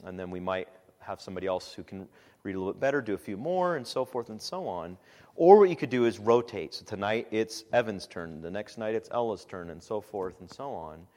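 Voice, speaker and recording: A man speaking as a pastor, giving a relaxed, conversational church teaching talk with frequent "um"s. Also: fairly low pitch, brisk, long reverb tail. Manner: relaxed and conversational, with frequent "um"s and animated quoted asides.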